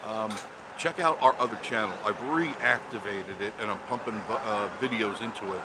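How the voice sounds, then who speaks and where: A man's voice: on the low side, normal speed, background noise. An older man hosting a casual live stream outdoors on his phone, greeting viewers by name as he chats. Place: outdoors by a roadside attraction. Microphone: phone held for a live stream.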